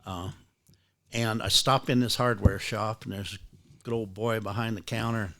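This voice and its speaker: A man's voice: on the low side, fairly even intonation, measured pace, fairly bright tone. An older man chatting casually at a book club, telling rambling anecdotes with frequent restarts and casual swearing. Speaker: rare bookseller and book club guest. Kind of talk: casual storytelling chat.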